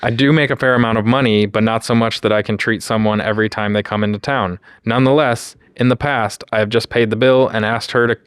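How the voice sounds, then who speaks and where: A man with a smooth, lowish voice reads a story aloud for a podcast. His delivery stays steady and matter-of-fact. The sound is close and dry. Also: fast talker, hardly any pauses, no room sound. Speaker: podcast co-host reading stories.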